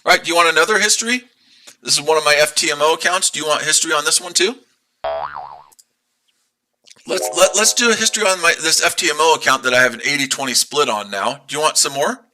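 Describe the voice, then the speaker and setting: A man with a very bright, piercing voice argues at his live-stream chat. He is combative and profane, hammering the same rhetorical questions again and again. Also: on the high side, animated, quick pace. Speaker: day trader streaming live.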